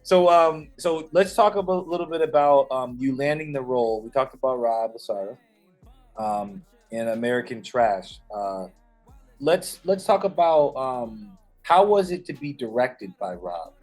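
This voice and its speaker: A male host in a casual sit-down, asking long, wandering questions at a normal pitch and nodding along with frequent yeahs. Faint music sits underneath. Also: lively intonation, a little slow, a little mellow. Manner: affirming, laughs often, rambling questions. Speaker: interview host. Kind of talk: casual interview.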